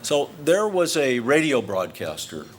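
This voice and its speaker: A man's voice: medium pitch, sing-song, a little slow, slight background noise. A man giving a humorous acceptance speech, telling a comic story with careful timing. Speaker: award honoree giving a speech.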